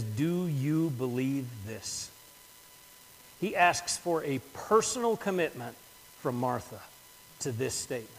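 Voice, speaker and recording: A man's voice: a little high, long reverb tail, a little hiss or hum, low-quality recording. An older man preaching a sermon in an earnest manner, often repeating words as he builds a point. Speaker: pastor.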